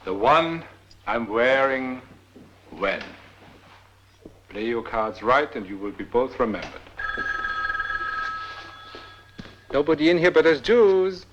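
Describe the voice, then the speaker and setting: An actor playing a middle-aged industrialist in a film drama, mocking and irreverent, snapping orders in between jokes. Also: male voice, mid-range voice, big pitch swings, measured pace, pauses often, muffled recording, background noise. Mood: sardonic. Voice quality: wry and mocking, abruptly commanding. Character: sardonic, irreverent, paranoid rich old man. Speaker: rich industrialist.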